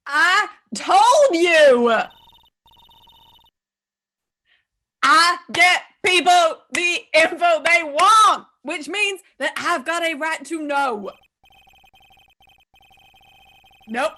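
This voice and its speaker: A woman's voice: very high voice, expressive, slow, hardly any pauses, exaggerated voice. A woman voicing a nosy, pushy female photographer with a put-on southern accent, in a fan dub of a game. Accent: put-on American Southern. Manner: pushy, loud, stubborn. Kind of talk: fan voice acting of a game playthrough.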